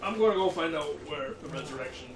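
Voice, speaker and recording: A man's voice: on the high side, animated, fast. A man playing a tabletop game, chatting offhandedly. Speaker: player. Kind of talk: casual chat at a game table. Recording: echoey room, distant mic, noisy.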